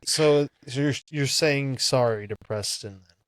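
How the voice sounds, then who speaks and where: A man's voice: mid-range voice, dry recording, low-quality recording. Laid-back podcast man, dry close sound. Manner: halting, repeats himself, frequent fillers. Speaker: podcast co-host. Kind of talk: casual chat.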